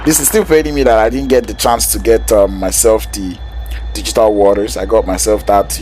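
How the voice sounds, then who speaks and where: A man's voice: mid-range voice, a little fast, soft background music. Laid-back male esports caster. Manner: casual, joking, slangy, rises to excited shouts in fights. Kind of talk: live esports play-by-play commentary.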